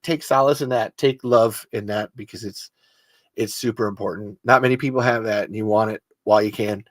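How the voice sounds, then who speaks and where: A man's voice: medium pitch, dry recording. A man hosting a podcast solo in loose, rambling casual chat, swearing freely. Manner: rambling, swearing, self-interrupting. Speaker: podcast host.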